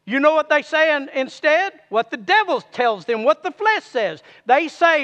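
A man's voice: very high-pitched, sing-song, moderate pace, hardly any pauses, sharp tone, in a large hall. A man preaching a sermon, urging his listeners to repeat lines back to him.

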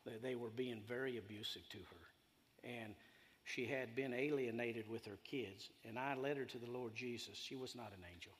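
A man, preaching a sermon in a folksy, storytelling way that swings from loud to hushed. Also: mid-range voice, normal speed. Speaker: pastor. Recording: echoey hall.

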